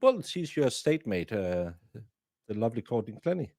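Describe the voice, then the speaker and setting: A man with a Southern American accent, co-hosting a podcast in casual chat, joking and halting with fillers. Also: mid-range voice, very animated, darkish tone, no room sound, clean studio sound.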